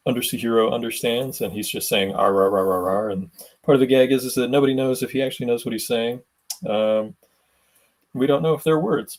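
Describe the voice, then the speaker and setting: Gravelly, husky man on a livestream. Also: mid-range voice, darkish tone. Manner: halting, unhurried, with many pauses and fillers. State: feeling unwell. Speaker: comic artist hosting a drawing livestream. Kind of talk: casual livestream talk.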